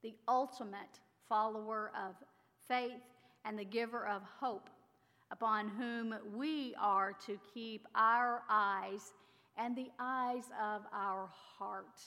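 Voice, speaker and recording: A woman pastor delivers a sermon in an unhurried, reflective way. Her voice sits on the higher side and comes with a long hall reverb. She lets pauses stretch between her thoughts. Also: fairly even intonation, bright, forceful tone.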